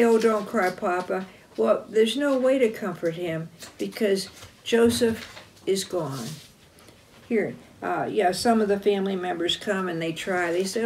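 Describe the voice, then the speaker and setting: A woman leads a children's chapel lesson and acts out a Bible story with a map and figures. She speaks slowly and expressively and corrects herself now and then. A faint hiss sits behind her. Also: mid-range voice. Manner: deliberate, expressive, self-correcting. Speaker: chapel teacher.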